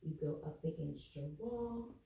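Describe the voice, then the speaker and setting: A woman's voice: deep voice, lively intonation, a little slow, creaky, mellow, roomy sound. A woman giving a casual home demonstration as a health educator, chatty and apologetic, with many ums and restarts. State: out of breath.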